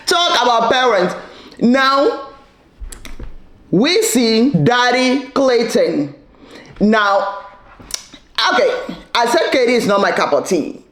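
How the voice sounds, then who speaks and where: A woman's voice: on the high side, sing-song, slow pace, long pauses, fairly bright tone. A woman giving casual, sassy commentary recapping a reality show, with playful asides and frequent laughter. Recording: echoey room.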